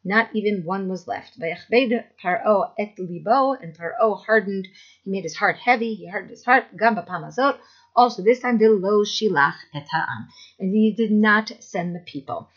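A woman teaching a Bible text lesson, reading verses slowly, then translating and explaining them. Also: medium pitch. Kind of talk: text study lecture. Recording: dull lo-fi recording.

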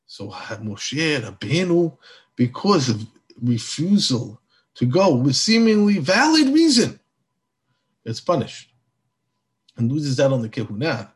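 A man giving a Torah class in a lively, animated way. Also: mid-range voice, measured pace, husky. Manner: animated, acts out biblical dialogue. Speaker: Torah teacher.

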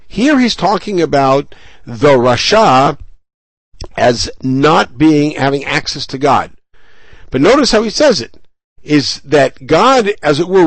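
A man's voice: on the high side, dry recording, rough recording. A middle-aged male rabbi teaching a Bible chapter, reading each Hebrew verse and then paraphrasing it in English with rhetorical questions. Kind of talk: verse-by-verse text study lesson.

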